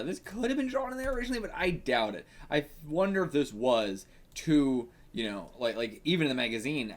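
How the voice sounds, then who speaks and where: Animated, laughing man reacting to comics. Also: mid-range voice. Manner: laughs often, swears, talks to himself. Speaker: reaction video host. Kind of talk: casual manga reaction commentary.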